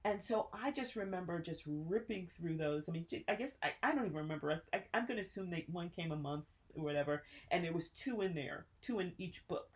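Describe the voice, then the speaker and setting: A woman in her sixties from New Jersey, co-hosting a podcast and telling childhood stories with lots of laughter. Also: on the low side. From Newark, New Jersey. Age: 60s. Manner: animated storyteller, quick to laugh. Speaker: podcast co-host. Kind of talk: casual chat.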